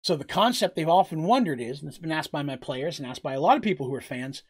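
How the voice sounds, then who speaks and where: A man's voice: a little high, lively intonation, fast talker, husky. A man running a tabletop game, rambling casually with lots of fillers and frequent laughs as he narrates and answers questions. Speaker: game master.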